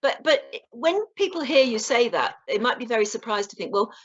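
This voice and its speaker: A woman's voice: fairly high pitch, very animated, brisk, breathy edge. Friendly woman interviewer, lo-fi sound. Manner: encouraging, gently prompting questions. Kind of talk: casual interview chat. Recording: dull lo-fi audio.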